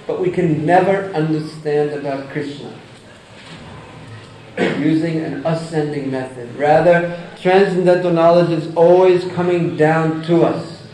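A man giving a deliberate scripture lecture who chants Sanskrit verses and explains them with examples. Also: a little high, fairly even intonation, mellow. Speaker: religious lecturer. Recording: echoey hall, distant mic, faint noise.

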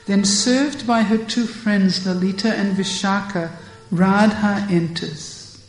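A woman narrating a devotional story in a measured, gentle way. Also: medium pitch, fairly even intonation, reverberant, rough recording.

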